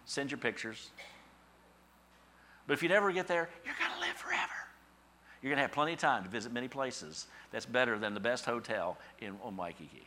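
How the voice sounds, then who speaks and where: A middle-aged man preaching a sermon in a conversational, storytelling way, acting out quoted thoughts in a higher voice. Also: expressive, fairly quick, pushed and bright, slight background noise. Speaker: pastor.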